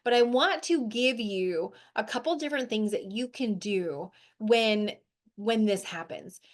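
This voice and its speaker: A middle-aged woman with a high voice leads a motivational group talk as the host of a weight-loss show. She speaks in an animated, chatty way, full of "like" and "right?" as she checks in with her listeners. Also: unhurried.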